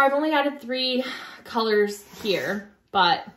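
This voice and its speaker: Relaxed woman co-host in an echoey room. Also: medium pitch, normal speed. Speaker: podcast co-host. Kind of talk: casual chat about knitting.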